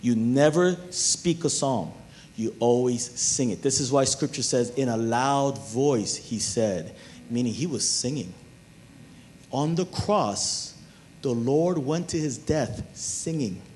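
A man preaching a sermon as pastor, animated and talking straight to his listeners, even humming tunes to make a point. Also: mid-range voice, takes it slowly, slight background noise. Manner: animated preaching, talks to the crowd.

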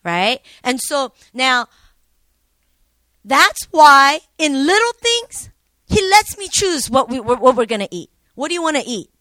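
A woman's voice: high voice, very animated, takes it slowly, pushed and bright, no echo. A woman co-pastor preaching earnestly, reading scripture aloud and asking for agreement.

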